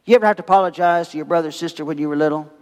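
A man preaching a sermon, telling a parable with lively, animated storytelling and acting out the voices of its characters. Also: on the high side, rapid-fire, clean tone, long reverb tail. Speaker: pastor.

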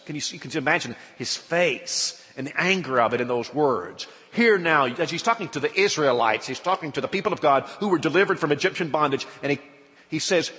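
A man preaching a sermon, retelling scripture and acting out the quoted voices with sudden bursts of loudness. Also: fairly high pitch, expressive, brisk. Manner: dramatic retelling, acts out quoted speech with rising loudness. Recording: long hall reverb.

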